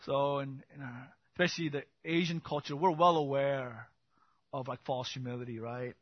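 A man preaching an expository sermon as pastor, swinging from loud emphatic bursts to quiet intimate asides. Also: mid-range voice, fairly even intonation, normal speed, no echo, muffled recording.

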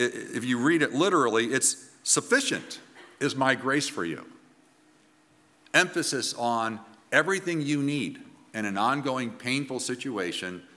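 A man preaching a sermon in an earnest, emphatic way, with pauses and restarts as he presses his points. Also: medium pitch, pushed and bright, big-room sound. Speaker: pastor.

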